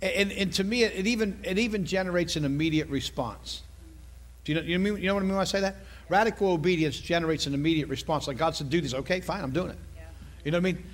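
A middle-aged male pastor with a high-pitched voice preaches a sermon from the pulpit, conversational and animated. He tells stories, repeats phrases and throws in quick asides.

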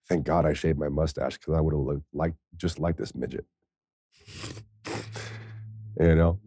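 A man's voice: a bass voice, warm tone, husky, dry recording, studio quality. A man, a former pro football player, telling a story in a rambling, profane way and laughing often. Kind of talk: casual storytelling.

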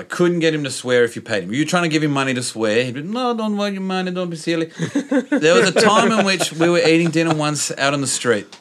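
An Australian man hosting a casual sports chat, telling stories with lots of laughter. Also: a little high. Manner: animated storyteller, laughs often. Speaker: podcast host.

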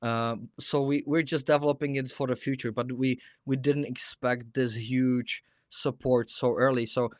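A man's voice: medium pitch, steady tone, normal speed, few pauses, dry recording, clean studio sound. A male guest explaining a technical project in a hesitant way, with frequent restarts. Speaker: guest from a mining company. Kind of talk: interview answer.

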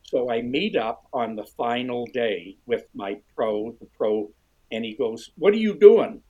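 A middle-aged man with a husky voice, telling a lively story as an interview guest, often restarting his sentences. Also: unhurried, lo-fi sound. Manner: animated storyteller, restarts often, jumps high when quoting others. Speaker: guest, fishing writer. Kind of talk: storytelling conversation.

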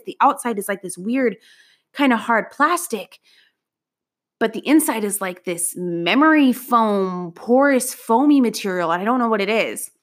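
A young adult woman telling a personal anecdote in a casual, profane and animated way, at times breaking into loud outbursts. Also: mid-range voice, normal speed. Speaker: storyteller.

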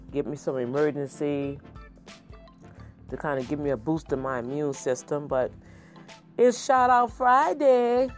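In a casual podcast monologue, a middle-aged host talks in a loose, excitable, folksy way, repeating pet phrases like a preacher. His voice sits at an ordinary middle pitch, with soft music playing faintly underneath.

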